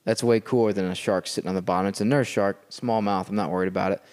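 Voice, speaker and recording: A man's voice: fairly low pitch, fast talker. A man guest on a podcast, telling a story in casual chat and checking in with his listeners as he goes. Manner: animated storyteller who keeps checking in with "okay?". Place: a house.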